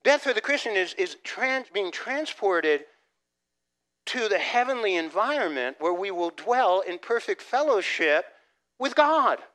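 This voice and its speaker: A man preaching a sermon as pastor, animated, dropping from loud emphasis to soft asides and restarting phrases. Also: high voice, a little slow. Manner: repeats words as he restarts phrases.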